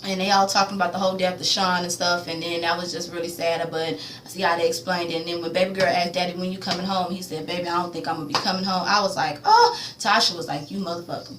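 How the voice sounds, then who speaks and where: A woman casually recapping a TV episode in slangy talk, acting out the characters' lines with loud reactions. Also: on the low side, fast talker, roomy sound, noisy background. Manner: animated, slangy, acts out quotes. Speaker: TV recap vlogger.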